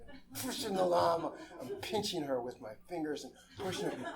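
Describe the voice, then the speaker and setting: Lively male storyteller on stage. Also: sits high, normal speed, gravelly, crowd noise. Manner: animated, exasperated, acts out quotes. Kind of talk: live comic storytelling. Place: theater stage.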